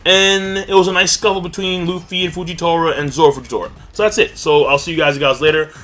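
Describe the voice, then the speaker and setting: A man's voice: a little high, level tone, quick pace, pushed and bright. A man giving a casual episode review as an anime vlogger, laid-back and loose, swearing freely as he rambles.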